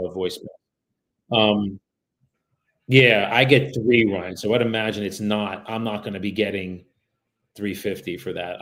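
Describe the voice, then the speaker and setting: A man's voice: fairly low pitch, a bit bright, poor audio. A man working as a real estate agent, cold calling on a livestream, chatting casually with viewers between calls and turning polite and friendly on the phone, often trailing off and restarting sentences. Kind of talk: live-streamed cold calling with commentary.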